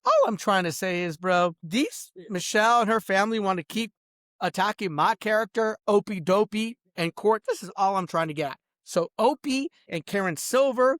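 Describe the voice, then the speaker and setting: A man's voice: sits high, fairly bright tone, no echo, studio quality. A man vlogging in a rambling, casual rant, swearing freely and saying "bro" constantly while reading messages aloud. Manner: eats and drinks wine while talking. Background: faint music.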